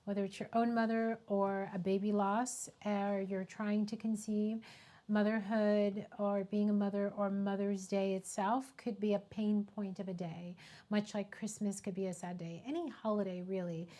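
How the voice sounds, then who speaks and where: A middle-aged woman who works as a photographer, speaking on a casual live stream in a heartfelt way, pausing often and fighting back tears. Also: medium pitch, level tone, mellow. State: tearful.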